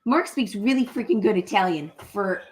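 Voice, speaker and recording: A woman co-hosts a relaxed live travel chat. She tells stories in an animated way, her pitch swinging widely, and she laughs often. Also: normal speed, slight background noise. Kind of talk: casual live-stream chat.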